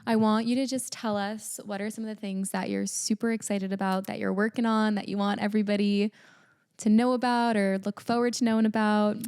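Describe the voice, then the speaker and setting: A woman hosting a podcast, asking open questions in a relaxed, friendly manner. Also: mid-range voice, brisk, clear, resonant tone. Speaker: podcast host. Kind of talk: casual interview chat.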